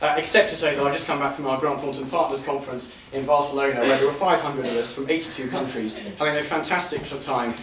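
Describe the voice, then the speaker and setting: A man giving a jovial, hesitant welcome speech, with many pauses and fillers. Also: mid-range voice, steady tone, fairly bright tone, echoey room, distant mic, a little hiss or hum, low-quality recording. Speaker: guest speaker.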